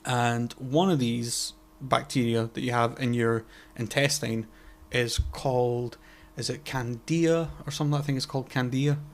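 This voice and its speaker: A man in easy podcast conversation, his voice sitting at an ordinary middle pitch. He rambles, hunts for words, swears casually and lets phrases drift off quietly. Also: steady tone, normal speed, hardly any pauses. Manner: trails off quietly mid-sentence. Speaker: podcast co-host. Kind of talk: casual chat.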